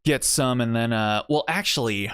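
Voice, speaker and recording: A man's voice: mid-range voice, moderate pace, fairly bright tone, clear, resonant tone. A man streaming a game, breaking off into rambling, self-mocking asides between reading lines. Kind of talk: casual game-stream commentary.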